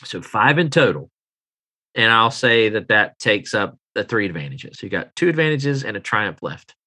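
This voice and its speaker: A man running a tabletop game as game master, narrating scenes with chuckles and halting descriptions. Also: lowish voice, big pitch swings, sharp tone, slightly rough.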